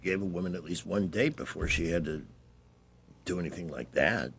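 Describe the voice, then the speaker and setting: A man's voice: low voice, normal speed, creaky, fairly bright tone, slight background noise. A man hosting a radio talk show, chatting casually, joking and telling personal stories with animation.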